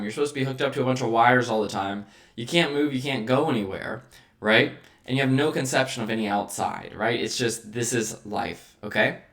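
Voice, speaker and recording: A man hosting a vlog, talking through a motivational monologue and checking in with the listener by asking "right?" again and again. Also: mid-range voice. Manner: rhetorical, checks in with frequent "right?" tags. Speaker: vlog host.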